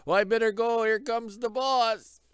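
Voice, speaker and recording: A man, hoarse from losing his voice, chatting casually and jokingly in a rural vlog recorded outdoors in winter on his phone. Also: very high-pitched, steady tone, normal speed, no echo, studio quality. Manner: rambling, jokey, self-deprecating. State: hoarse, lost voice. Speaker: vlogger.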